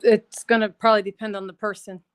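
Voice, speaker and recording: A woman talking about the spirits she senses, in a quiet, casual way. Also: mid-range voice, level tone, fast, clean tone. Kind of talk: casual chat.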